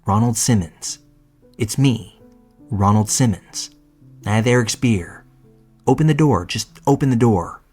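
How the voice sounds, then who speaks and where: A man's voice: on the low side, measured pace, pauses often, a little mellow, husky, faint music behind. A man voicing a pushy stranger at a door, who insists and pleads over and over. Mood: insistent.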